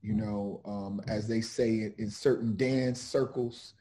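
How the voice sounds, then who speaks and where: A middle-aged man talks with a very dark, mellow tone and a slow, deliberate pace. He pauses and restarts often and sounds earnest as he reads a passage aloud. His voice sits low, as if heard over a video call. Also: steady tone. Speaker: author and criminal defense lawyer. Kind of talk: reflective talk with read-aloud book passage.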